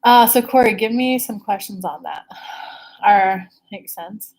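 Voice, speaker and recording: A woman's voice: mid-range voice, measured pace, a little mellow. A woman working as an intuitive life coach, chatting casually on a live stream and answering viewer questions, candid, swearing freely, with whooping exclamations.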